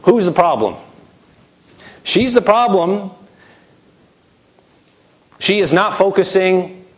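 Male preacher, middle-aged, emphatic sermon delivery, fairly high voice, big swings in pitch. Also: lively intonation, slow. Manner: emphatic, rising and falling sharply, acting out voices in quotes.

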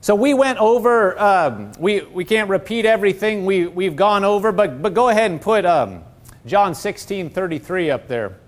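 A middle-aged pastor preaching a sermon in a fairly high voice. He quotes scripture and calls out to his congregation for answers. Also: lively intonation, normal speed. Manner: preaching with call-and-response, quoting scripture.

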